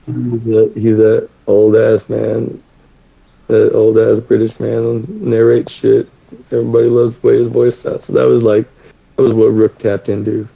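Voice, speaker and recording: A man's voice: fairly low pitch, completely flat delivery, unhurried, gravelly, husky, highs cut off. A man appearing as a guest rapper, talking in a rambling way with lots of restarts and swearing. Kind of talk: casual chat.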